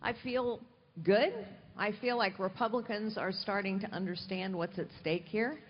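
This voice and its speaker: A woman in her sixties, a former candidate, delivering crisp, rallying lines during a live interview at a rally. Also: mid-range voice, fairly even intonation, normal speed. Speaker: former candidate, campaign surrogate. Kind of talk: live political interview on stage. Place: outdoor rally stage. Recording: muffled live mic with clear noise.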